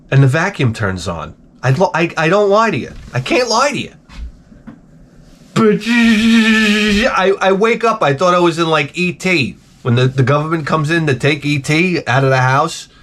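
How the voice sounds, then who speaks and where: Man vlogger, slightly high voice, ranting comedy bits, exasperated and crude. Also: lively intonation, normal speed, a bit bright. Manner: profane, exasperated, rambling with restarts. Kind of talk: comedic storytelling rant.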